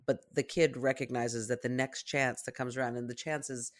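A podcast co-host in casual chat, wry and calm, reading listener posts aloud. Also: mid-range voice, normal speed.

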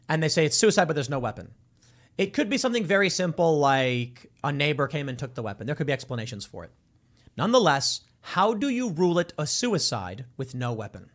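Man, commentary host, lively swooping pitch, a bit high, storytelling monologue. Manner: animated storytelling, acts out quoted voices.

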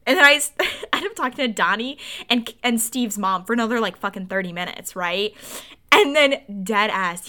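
A young woman in her twenties, co-hosting a podcast and telling a story in a casual, animated way with frequent laughs. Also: medium pitch. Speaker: podcast co-host.

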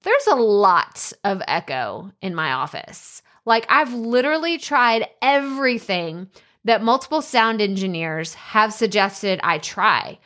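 A woman, chatty and lively, reads her own book aloud as a podcast host. Her voice is bright and forward, and she keeps dropping in "like" and "okay" along the way. She sounds relaxed and informal, speaking from her home office. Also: mid-range voice, a little slow.

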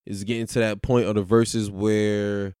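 A man's voice: fairly low pitch, little pitch movement, unhurried, darkish tone, smooth, no room sound, clean studio sound. A man giving a casual, slangy, disappointed rant about a music battle, chuckling now and then. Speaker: commentator.

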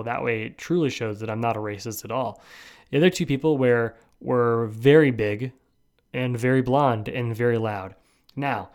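A young man hosting a casual solo podcast, telling a rambling story with lots of restarts and asides. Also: medium pitch. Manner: rambling, animated, self-interrupting. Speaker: podcast host.

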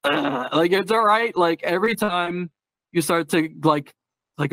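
A man's voice: high voice, measured pace, sharp tone, dry recording. A man with a slightly raised voice chats in a candid, darkly humorous way, often laughing as he tells a story. The sound is dry and close, with no room around it. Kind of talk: casual chat.

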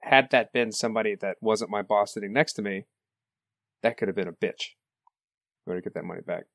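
Male podcast co-host, low voice, dry close sound, relaxed chatty storytelling. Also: a little fast, vocal fry, dry recording. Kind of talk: casual podcast chat.

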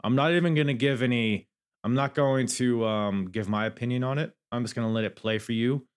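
A man's voice: mid-range voice, brisk, clear, resonant tone. A man hosting a podcast, rambling candidly through a casual review and swearing freely. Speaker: podcast host.

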